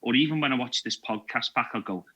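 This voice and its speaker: A man's voice: medium pitch, fast talker, bright, forceful tone, muffled recording. A man, a podcast guest and security trainer, chatting casually in a jokey, self-deprecating way. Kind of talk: casual chat.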